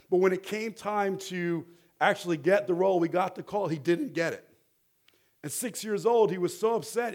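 A middle-aged man preaching a sermon as a rabbi, animated and building toward fervent exhortation, leading the congregation to repeat words back. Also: high-pitched. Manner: animated, rising to near-shouting exhortation; leads the congregation in call-and-response.

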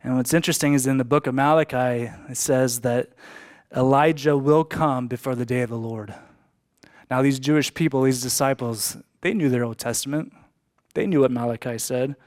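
A man's voice: medium pitch, steady tone, normal speed. A man preaching a sermon as a pastor, emphatic, repeating key lines for emphasis.

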